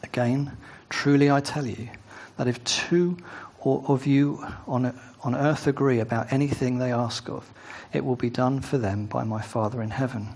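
A man's voice: medium pitch, fairly even intonation, normal speed, few pauses, darkish tone. A man preaching a sermon, first reading scripture aloud, then talking it through conversationally with asides and tag questions.

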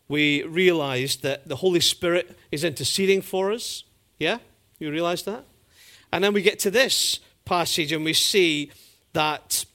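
A man preaching a sermon to a congregation in a church, lively and conversational, with humorous asides. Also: high voice.

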